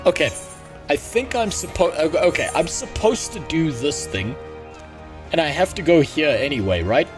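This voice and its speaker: A man's voice: a little high, big pitch swings, moderate pace, faint music behind. A man streaming a game, chatting casually, rambling and crude with a joking tone. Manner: rambling, crude, jokey, with frequent restarts. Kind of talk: casual gaming stream chat.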